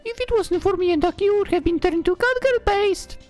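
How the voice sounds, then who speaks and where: A woman voicing a bubbly, pushy young heroine in a high, sing-song way, reading a visual novel. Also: quick pace, a little mellow, faint music behind. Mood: teasing.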